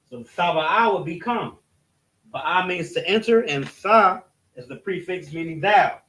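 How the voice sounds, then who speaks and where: Halting male teacher in an echoey room. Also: high voice, expressive, sharp tone. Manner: halting, self-correcting explanation. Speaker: religious study teacher. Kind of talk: whiteboard Bible lesson. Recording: roomy echo, voice from a distance.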